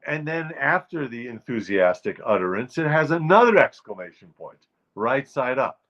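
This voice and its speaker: A man's voice: mid-range voice, very animated, moderate pace, a bit bright, dull audio. A man hosting a show, delivering a wry, emphatic comic rant about turns of phrase. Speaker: show host. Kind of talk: comic monologue.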